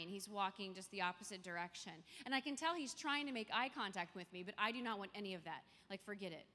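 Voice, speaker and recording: Young woman speaking in an echoing hall. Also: mid-range voice. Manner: lively storytelling, personal and earnest. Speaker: conference speaker. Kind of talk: faith talk to a youth audience. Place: large conference hall. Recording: long hall reverb from a large venue.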